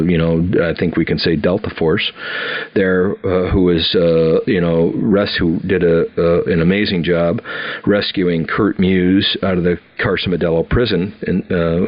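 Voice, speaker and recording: Brief: low-voiced man in his fifties, rambling storyteller with lots of fillers, dull lo-fi audio. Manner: rambling, many "you know" fillers and restarts. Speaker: company founder telling his army story. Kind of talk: casual storytelling.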